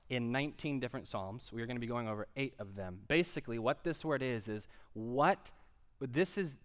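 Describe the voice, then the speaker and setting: A man's voice: mid-range voice, fairly bright tone. A male pastor giving a conversational sermon, asking the congregation questions as he goes. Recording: long hall reverb.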